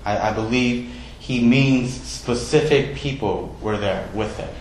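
A man's voice: mid-range voice, measured pace, roomy sound, a little hiss or hum, poor audio. A man preaching a sermon as pastor, in a conversational way, often putting questions to the congregation and poking fun at himself. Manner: conversational, self-deprecating, asks the congregation questions.

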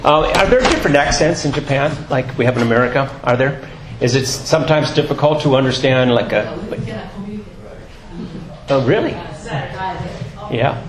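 A man's voice: mid-range voice, moderate pace, pauses often, reverberant, a crowd in the background, low-quality recording. A man giving a sermon, talking in a chatty, rambling way with lots of fillers. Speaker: guest preacher. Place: church.

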